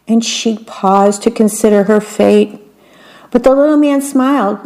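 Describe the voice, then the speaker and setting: Slow, wry woman storyteller. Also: a little high, mellow. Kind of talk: reading a fairytale aloud.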